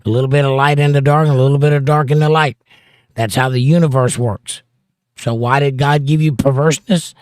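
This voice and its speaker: A man's voice: mid-range voice, steady tone, brisk, a little mellow, a little hiss or hum. A man hosting a casual livestream, reading viewer comments aloud and chatting about them. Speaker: livestream host reading chat.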